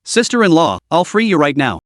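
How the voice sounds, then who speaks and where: Guy voicing a sneaky young man, fake-urgent, pleading, lively up-and-down pitch, dry close sound. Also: a little fast, dry recording. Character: scheming young man feigning urgent loyalty.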